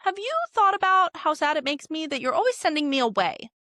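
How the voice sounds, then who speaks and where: A woman's voice: high voice, big pitch swings, brisk, pushed and bright, no echo, clean studio sound, pitched above the performer's own voice, exaggerated voice. Woman doing a whiny self-pitying prince. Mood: aggrieved.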